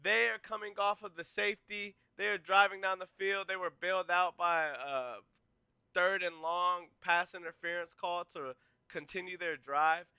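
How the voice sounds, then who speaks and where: A man hosting a podcast, casually breaking down game film and walking through each play in a relaxed, conversational way. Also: high voice, moderate pace, clean tone, no room sound, lo-fi sound. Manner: excitable, yells and cheers at big plays; explains plays in a relaxed, conversational way.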